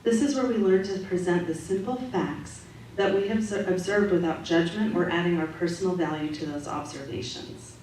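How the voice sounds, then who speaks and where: A woman giving a calm, measured, gently instructive Sunday talk to a congregation, as a spiritual practitioner. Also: on the low side. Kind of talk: sermon-style talk to a congregation. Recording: echoey hall audio from far off, faint noise.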